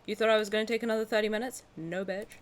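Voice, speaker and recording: A young woman streamer chatting casually and excitedly to her viewers, dramatic and joking crudely. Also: medium pitch, very fast, slight background noise. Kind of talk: casual livestream reaction chat.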